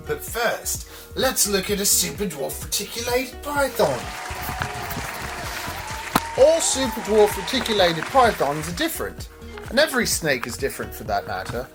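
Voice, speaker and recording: A woman's voice: mid-range voice, big pitch swings, normal speed, music in the background, crowd noise, poor audio. A woman talking casually to camera in a playful, chatty way, sweet-talking her animals while vlogging in a snake room at home. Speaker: reptile keeper vlogger. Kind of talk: casual vlog talk to camera.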